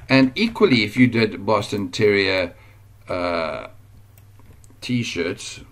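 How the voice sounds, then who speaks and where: Chatty, rambling man with a low voice. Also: slow, fairly bright tone, slight background noise. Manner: chatty, digressive, easily amused. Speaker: online business trainer. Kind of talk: casual screen-share tutorial.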